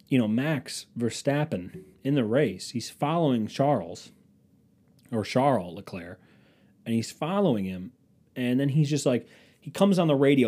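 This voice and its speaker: A man's voice: medium pitch, warm tone. A man rambling casually as a podcast host, sarcastic and profane. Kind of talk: casual chat.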